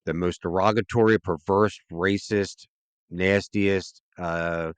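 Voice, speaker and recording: A man's voice: low voice, fairly even intonation, slow pace, clear, resonant tone, dry recording. A man, a podcast guest, talking earnestly and at length in a casual interview, often checking in with "right?".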